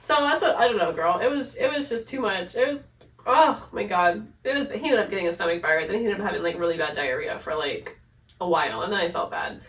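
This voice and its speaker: A woman's voice: medium pitch, lively intonation, fast talker, a bit bright, recorded from a distance. A young woman, a podcast co-host, chatting casually and giggling through her words. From Florida. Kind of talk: casual chat. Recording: echoey room, a bit off-mic.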